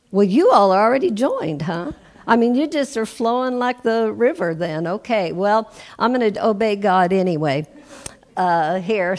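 A woman's voice: mid-range voice, vocal fry, a little mellow. A woman in her sixties preaching as a guest, talking to the congregation in a conversational way and breaking off for asides. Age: 60s. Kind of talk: sermon.

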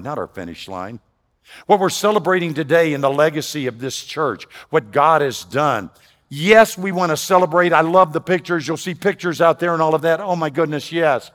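A man preaching a sermon from the pulpit of a church. He swings from loud, emphatic declarations down to quiet, lower asides. His voice carries a long reverb through the sanctuary. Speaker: pastor.

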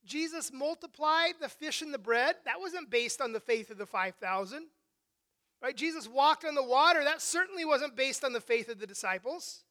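An emphatic preacher delivers a sermon, frequently asking "right?" and starting phrases over. The voice is high and bright. The delivery swings between hushed and raised passages. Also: lively intonation, moderate pace. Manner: emphatic, with frequent rhetorical "right?" checks and repeated restarts.

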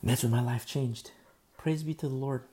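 A man preaching a sermon as pastor, blunt and emphatic, with quick asides to the congregation. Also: mid-range voice, steady tone, mellow.

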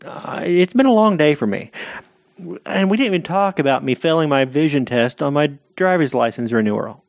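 A man's voice: fairly high pitch, animated, normal speed, no room sound. Guy cohosting a comedy podcast, jokey and teasing, dry close sound. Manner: teasing, self-deprecating jokey delivery. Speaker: podcast co-host. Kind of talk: casual comedy podcast banter.

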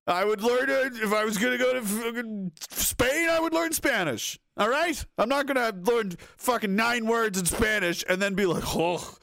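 A man's voice: extremely high pitch, moderate pace, gravelly, sharp tone, no echo, studio quality. A man hosting a live stream, reading out chat and rambling in a casual, profane way while laughing often.

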